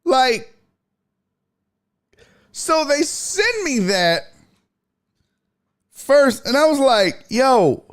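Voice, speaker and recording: A man's voice: very high-pitched, big pitch swings, very slow, pauses often, a bit bright. A male comedian and podcast host telling a story in casual chat, profane and exclaiming.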